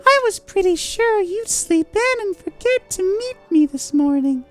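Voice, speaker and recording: A man's voice: very high-pitched, lively intonation, measured pace, fairly bright tone, dry recording, faint music behind, voice pushed up, heavily acted. Zelda, a sweet young girl, as a man puts her on. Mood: gushing.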